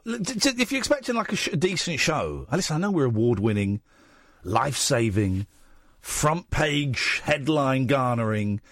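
A man's voice: mid-range voice, sing-song, normal speed, a bit bright, no echo, studio quality. A man hosting a late-night radio talk show, joking and rambling with many restarts. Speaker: radio host. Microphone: studio microphone.

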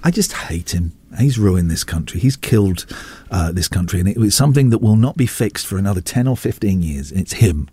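A man hosting a radio show in the studio, talking in an animated, ranting and self-mocking way. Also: sits low, fairly quick, breathy edge, no room sound. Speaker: radio host. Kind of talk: casual radio chat.

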